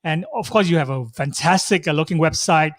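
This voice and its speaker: A man's voice: fairly high pitch, fairly quick, no room sound, clean studio sound. A man hosting a live online interview, giving upbeat, effusive introductions. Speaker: host.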